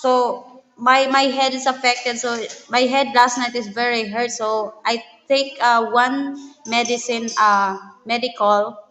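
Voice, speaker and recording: High-voiced woman chatting with a sore mouth. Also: fairly even intonation, measured pace, fairly bright tone, reverberant, long reverb tail, faint music behind, low-quality recording. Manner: laughs often, speaks broken English with Tagalog fillers. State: sore gums. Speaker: livestream host. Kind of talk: casual livestream chat.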